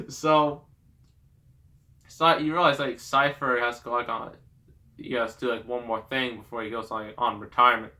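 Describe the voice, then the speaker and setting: Slow, bright-voiced man reviewing a movie. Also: medium pitch. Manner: rambling, sarcastic, with many fillers and laughs.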